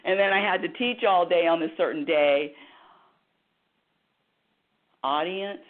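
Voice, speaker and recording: A woman's voice: on the low side, a little slow. Impassioned woman on a tinny line. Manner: impassioned storytelling with dramatized dialogue. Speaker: radio host and happiness coach. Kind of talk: talk radio monologue.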